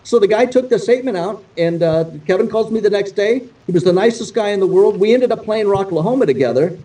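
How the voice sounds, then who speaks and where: Give me a quick, high-voiced man spinning an animated story with swearing, his mellow tone picked up a little distant from the mic. He talks at a rapid clip. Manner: animated anecdotes with swearing and quoted dialogue. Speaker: guest musician. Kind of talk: casual storytelling.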